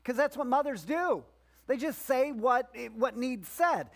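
Male pastor with a high voice, preaching casually in church, adding asides and doing character voices. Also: expressive, measured pace. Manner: conversational, joking, acts out voices of the story figures. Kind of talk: sermon.

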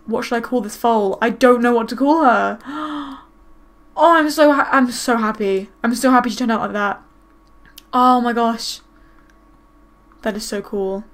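Woman, casual gameplay commentary host; high voice, excitable, gushing. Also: a little slow, long pauses. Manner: excitable, gushing, squeals with delight. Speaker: gaming video host.

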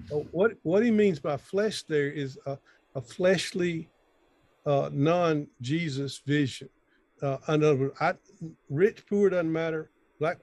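A man's voice: on the high side, a little mellow, dry recording. A middle-aged man giving an informal, sermon-style talk over a video call, folksy and rambling, often restarting his sentences. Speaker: conference speaker.

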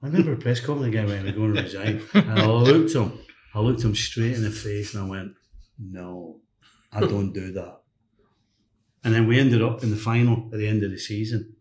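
Man telling stories in a roomy space. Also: fairly low pitch. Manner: anecdotal, lively, mimics others in quotes. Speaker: podcast guest, former footballer and coach. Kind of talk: casual storytelling chat. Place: hotel room podcast set. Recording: roomy echo.

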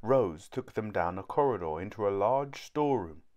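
A man reading a children's storybook aloud, narrating slowly and clearly. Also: on the low side, animated, a little mellow.

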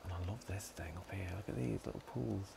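A man giving casual commentary while playing a video game, chatting to himself and to the characters with excitable bursts. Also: low-pitched, a little fast, vocal fry, noisy background. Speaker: gaming channel host. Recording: faint background music.

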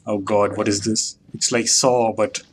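A man's voice: on the low side, steady tone, a little slow, slight background noise. A young man commenting on a horror game as he plays, joking and mocking himself, often grossed out. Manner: joking, self-mocking, easily disgusted. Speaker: let's play commentator. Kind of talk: gameplay commentary.

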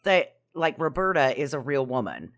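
A woman's voice: extremely low pitch, sing-song, moderate pace. A woman chatting casually on a podcast and adding wry remarks about a film. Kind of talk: casual chat.

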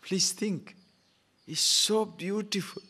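A man giving a spiritual discourse to a live class, asking rhetorical questions and acting out little shouted scenes. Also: sits high, fairly even intonation, takes it slowly, breathy edge. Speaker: spiritual teacher.

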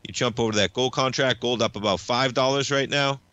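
A young man hosting a live market radio show, talking fast and casually, dropping "man" into his sentences. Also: medium pitch, clean tone, dry recording, lo-fi sound. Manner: energetic, casual, says "man" a lot.

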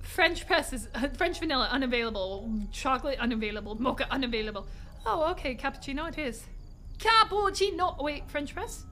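A woman streaming a game live, excitable and talking to herself and the chat, laughing and swearing often. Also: high-pitched, fairly quick. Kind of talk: live gameplay commentary.

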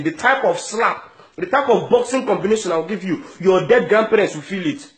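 A man's voice: high voice, a little fast. A man ranting to camera in an indignant, mocking way, often stumbling over repeated words. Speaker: vlogger. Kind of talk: angry opinion rant to camera.

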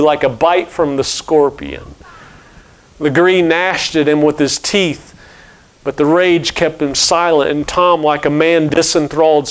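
Brief: male preacher, solemn dramatic storybook reading, unhurried, smooth clear voice. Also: on the high side, low-quality recording. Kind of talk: reading a novel aloud in a sermon.

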